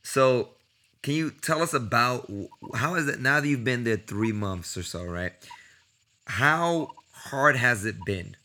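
A man hosting a casual interview, relaxed and conversational, prompting questions with fillers. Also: mid-range voice, slow pace. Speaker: podcast host.

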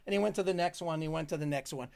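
A man's voice: on the high side, very fast, gravelly, a little mellow, no echo. An older man, telling a long story as a guest, rambling and chuckling with plenty of fillers. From Canada. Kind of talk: storytelling in a conversation.

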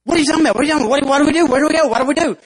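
A man's voice: very high-pitched, racing, voice pushed up, poor audio. A man playing a frantic lost little ant. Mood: panicked. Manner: frantic, crying and shouting. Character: panicked lost little male cartoon ant.

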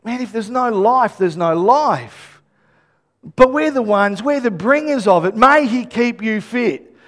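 High-voiced man preaching animatedly. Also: unhurried. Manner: animated, acts out quoted dialogue, shouts emphasis. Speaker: pastor. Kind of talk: sermon.

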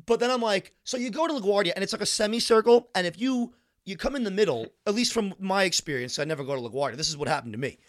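A man's voice: high-pitched, lively intonation, fast talker. A man telling a wry, exasperated story in a casual chat.

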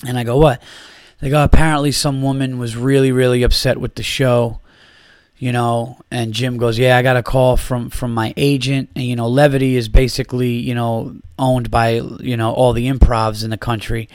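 A man hosting a podcast, animated as he retells a story, acting out the quotes and swearing freely. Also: medium pitch, normal speed, clean tone, no echo, clean studio sound. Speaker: podcast host. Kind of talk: casual storytelling.

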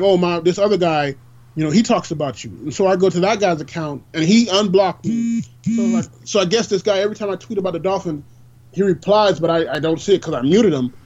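A man co-hosting a podcast, telling a story in casual chat with many halting restarts. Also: high voice, a little mellow. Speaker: podcast co-host. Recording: dull, lo-fi audio.

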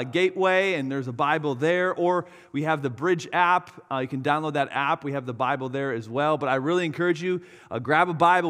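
A man in his thirties preaches a sermon, a pastor telling a personal story and slipping into the voices of the people in it. His voice sits a little high for a man, and a long reverb trails behind it as if in a church hall. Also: fairly bright tone. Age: 30s. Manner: storytelling, shifts into quoted voices of his child.

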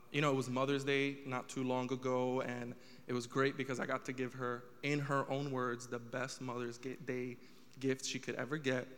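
A man's voice: medium pitch, sharp tone, big-room sound, slight background noise. A young man doing a stand-up comedy set, telling a story with rising exasperation.

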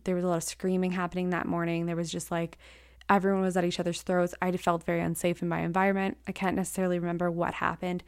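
Young woman, acting teacher, candid rambling storytelling, low-pitched voice, dry close sound. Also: dry recording. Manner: candid, rambling with many "like" fillers. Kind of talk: personal storytelling.

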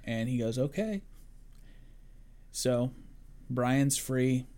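A man co-hosting a podcast, recapping a film in casual chat with teasing jokes. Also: medium pitch. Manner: joking, teasing, quick to laugh. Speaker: podcast co-host.

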